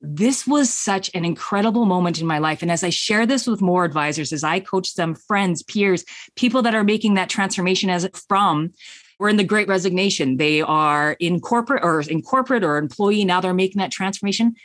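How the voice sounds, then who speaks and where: A woman's voice: on the low side, brisk, no echo. Earnest woman telling her story, dry sound. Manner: earnest, heartfelt, acts out her own past thoughts. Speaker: business coach. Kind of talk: personal storytelling in a podcast interview.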